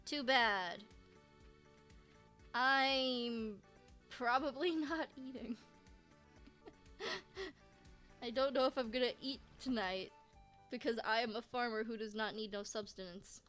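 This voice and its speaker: A woman streams a farming game with a slightly raised voice and talks in a slow, drawn-out way. She rambles to herself, restarts her sentences and giggles often. Soft music plays faintly underneath. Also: a little high, fairly even intonation. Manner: rambling self-talk with frequent restarts and giggles. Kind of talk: casual let's-play commentary.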